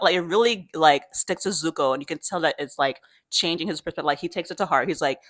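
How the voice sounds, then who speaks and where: A woman's voice: deep voice, fast talker, hardly any pauses, fairly bright tone. Laughing slangy young woman vlogger. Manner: laughs often, slangy, swears freely. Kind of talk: casual chat.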